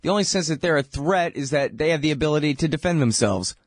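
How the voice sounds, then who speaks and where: A man's voice: a little high, animated, fast, no echo, studio quality. A man hosting a radio show, delivering sarcastic, mocking political commentary.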